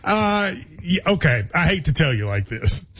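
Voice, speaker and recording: Husky high-voiced radio host. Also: male voice, very animated, moderate pace, fairly bright tone, muffled recording. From Kentucky. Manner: chatty, wry, laughs easily. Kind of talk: casual sports talk.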